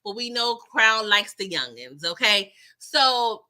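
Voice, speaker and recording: A woman doing a casual live recap, chatty and animated, who laughs often and keeps checking in with "okay?". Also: medium pitch, slow pace. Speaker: TV show recapper.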